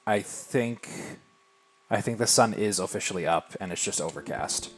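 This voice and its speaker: A man casually chatting on a live game stream, thinking aloud and answering viewers in a relaxed, self-deprecating way. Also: fairly low pitch, normal speed. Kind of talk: casual live-stream chat while playing.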